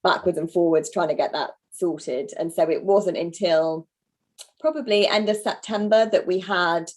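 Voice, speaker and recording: Chatty woman author on a video call. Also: fairly low pitch. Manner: chatty, self-deprecating, quick asides. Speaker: author guest. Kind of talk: conversational interview over video call.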